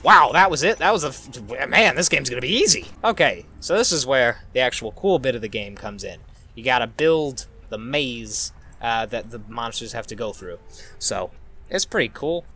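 A man giving jokey, animated let's-play commentary, exclaiming at the game, with faint game music behind. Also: mid-range voice, moderate pace.

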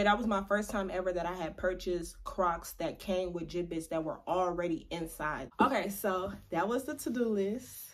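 Young woman vlogger, chatty and playful, drags words out for emphasis, average pitch. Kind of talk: casual vlog chat to camera.

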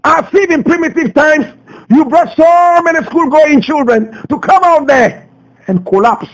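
A Ghanaian man hosting a radio show, delivering a passionate commentary full of rhetorical questions, swinging between loud outbursts and low asides. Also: unhurried, low-quality recording. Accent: Ghanaian English. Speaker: radio host. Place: radio studio.

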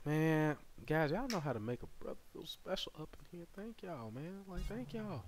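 A man streaming a game live and chatting with viewers, excitable and slangy, jumping from loud shouts to low mutters. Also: moderate pace, hardly any pauses. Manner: slangy, playful banter with chat. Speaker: gaming streamer. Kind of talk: live gameplay commentary reading chat.

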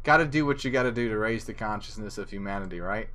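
A man on the low side of the pitch range talks fast, pushed and bright, while hosting a livestream drunk. Slurring, giggling and easily flustered, he rambles and reads viewers' comments aloud from a chilly room indoors.

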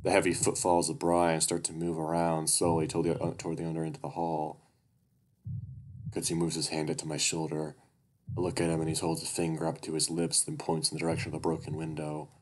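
A man narrating a first-person story aloud in a quiet, steady way. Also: rumbling low, a little fast.

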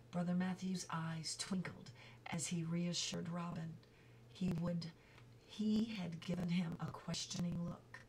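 A woman reading a children's book aloud, slowly and carefully, with small slips she stops to correct. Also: fairly low pitch, little pitch movement, a little mellow, distant mic, a little hiss or hum, low-quality recording. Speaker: reader.

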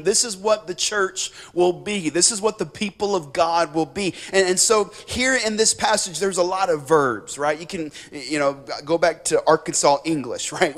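A male missionary preaching a sermon in a church, emphatic, repeating key words and building in fervor. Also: fairly high pitch. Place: church sanctuary.

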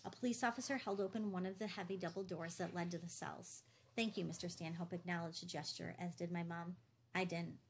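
Brief: female audiobook narrator, steady delivery, gravelly low voice. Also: brisk, slight background noise. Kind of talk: scripted first-person narration.

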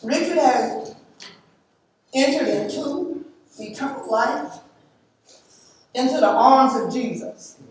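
A woman delivers a eulogy at a memorial service in a church or memorial hall, reading scripture and sharing emphatic, heartfelt memories. Her high, slightly mellow voice has lively intonation; she goes slowly with long pauses, captured distantly in an echoey hall.

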